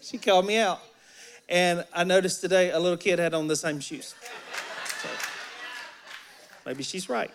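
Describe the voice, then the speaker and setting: High-voiced folksy Southern pastor. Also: male voice, fairly even intonation, normal speed, long pauses, a bit bright. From Alabama. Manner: folksy, joking, talks directly to the congregation. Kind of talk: sermon. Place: church sanctuary.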